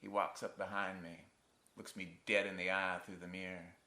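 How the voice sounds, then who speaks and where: A wry, haunted son with a folksy rural drawl; lowish but bright, with a roomy theatre echo. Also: male voice, level tone, normal speed, full character voice. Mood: rueful. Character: grown man haunted by his abusive father. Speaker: actor in a stage monologue. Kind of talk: theatrical monologue. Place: theatre stage.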